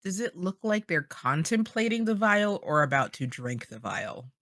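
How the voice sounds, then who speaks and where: Bright, lively woman player. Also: on the low side, moderate pace. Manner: animated, chatty. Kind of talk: casual tabletop chat.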